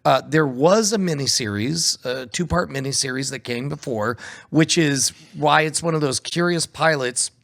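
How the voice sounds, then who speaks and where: Man, podcast co-host, casual chat, halting, lots of fillers. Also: a little high, vocal fry, a bit bright. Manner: halting, many fillers and restarts.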